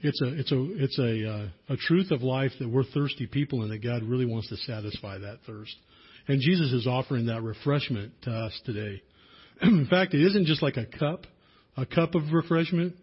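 A man preaching a sermon in a relaxed, conversational way, often restarting his sentences. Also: medium pitch, normal speed, slightly rough, highs cut off. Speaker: pastor.

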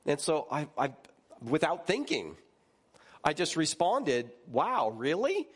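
A man who is a pastor, giving a conversational sermon in a lively, chatty way and often checking in with his listeners. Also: slow. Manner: lively, jumps higher when recounting stories.

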